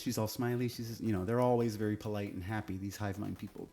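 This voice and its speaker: A man's voice: fairly low pitch, fairly even intonation, fairly quick, few pauses, darkish tone, soft background music. A man giving a casual, opinionated TV review, speaking bluntly and swearing freely. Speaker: TV show reviewer.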